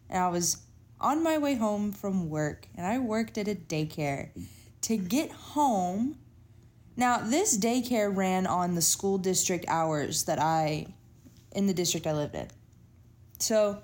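Lively young woman. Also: medium pitch. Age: 20s. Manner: animated storyteller. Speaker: podcast co-host. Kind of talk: casual chat.

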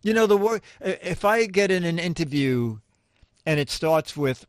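Older man, interview guest, higher-pitched, dry, acts out quotes, anecdotal. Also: moderate pace, no echo. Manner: animated, acts out the people in his stories. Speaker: interview guest, magazine humor writer. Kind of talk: anecdotal storytelling in conversation.

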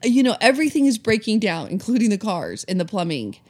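A woman's voice: mid-range voice, very animated, fairly quick, darkish tone. A woman co-hosting a podcast in casual chat, speaking reflectively and playfully. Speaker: podcast co-host.

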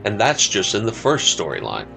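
An actor playing a sinister doctor who hosts a horror chamber, welcoming listeners in a theatrical, ominous way over music. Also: male voice, on the low side, huge pitch swings, normal speed, gravelly, bright, forceful tone, full character voice. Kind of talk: horror audio ad host.

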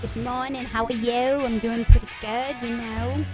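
A woman co-hosting a morning radio show, relaxed and laid-back. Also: fairly high pitch, moderate pace, music in the background. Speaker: radio co-host.

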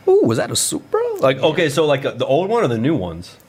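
A man with a mid-range voice hosts a relaxed podcast. He talks loosely and chattily, asking quick questions of his guest. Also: mid-range voice, husky. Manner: loose and chatty, with lots of fillers and laughs. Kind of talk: casual chat.

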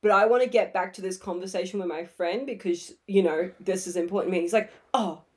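A young woman co-hosting a podcast, telling a story in casual chat and acting out the dialogue with quick quotes. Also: on the low side. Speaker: podcast co-host.

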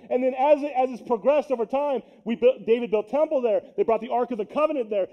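A man preaching a sermon to his church as pastor, energetic and joking, rising to shouts on key points. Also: very high voice, lo-fi sound. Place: church sanctuary.

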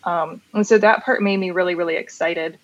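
A woman's voice: fairly low pitch, fairly even intonation, a little fast, dull audio. Enthusiastic chatty woman. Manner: enthusiastic, rambling with fillers. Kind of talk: casual chat about comics and TV.

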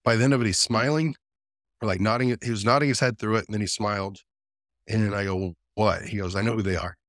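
Fast-talking and fairly low-voiced, a podcast guest relates a personal story in an earnest, casual, animated manner, acting out what others said. The recording is dry and of studio quality.

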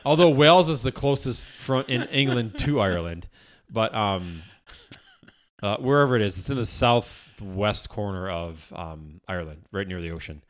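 A man with a fairly low voice hosts a relaxed podcast chat from an office. He rambles, restarts his sentences and swears casually. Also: normal speed. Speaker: podcast host.

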